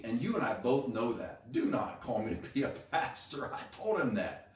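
A man preaches with energy, swinging between hushed asides and sudden emphatic bursts as he acts out quotes. His voice sits at a middling pitch and is heard from some distance in an echoey church room. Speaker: pastor. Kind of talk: sermon.

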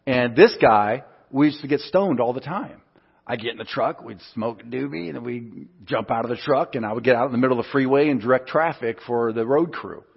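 A man's voice: mid-range voice, a little fast, vocal fry, breathy edge. A male pastor preaching a sermon, telling stories with acted-out quotes. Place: church hall. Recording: muffled sound in a reverberant hall.

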